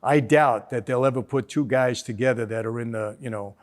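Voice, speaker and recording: A man's voice: medium pitch, brisk. An older man from the East Coast of the US, hosting and reviewing a film in a casual, storytelling way, with many fillers, acting out quoted lines. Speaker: host reviewing a mob film.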